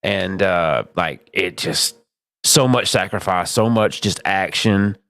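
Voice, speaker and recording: A man's voice: sits low, takes it slowly, vocal fry, a bit bright, dry recording. A man in a casual chat about a video game, enthusiastic and profane.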